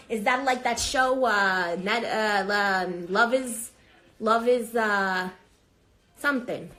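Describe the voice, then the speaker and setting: A woman's voice: fairly high pitch, fairly bright tone. A woman playing a brash, foul-mouthed older grandmother, rambling in an improvised phone livestream. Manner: rambling, brash, swearing, easily sidetracked. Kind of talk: improvised comedy character livestream.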